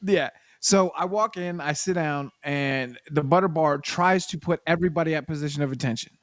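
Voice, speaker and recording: Army vet guy telling a story, bit high voice, swears a lot, dead dry sound. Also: normal speed, no room sound. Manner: animated storyteller, profane, acts out quoted people. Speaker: podcast co-host, Army veteran. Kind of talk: casual chat, storytelling.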